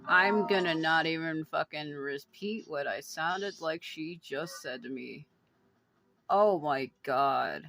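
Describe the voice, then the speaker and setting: Low-voiced woman chatting over gameplay. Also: slow pace, fairly bright tone. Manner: chatty, swears freely, laughs easily. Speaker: let's play host. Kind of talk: casual gameplay commentary. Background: game music.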